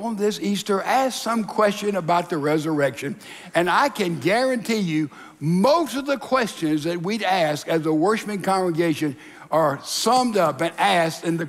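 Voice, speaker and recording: A man's voice: sits high, in a large hall. A man preaching a sermon to a congregation, telling stories and acting out the voices in them. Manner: storytelling preacher, acts out voices in dialogue. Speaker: pastor. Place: church sanctuary.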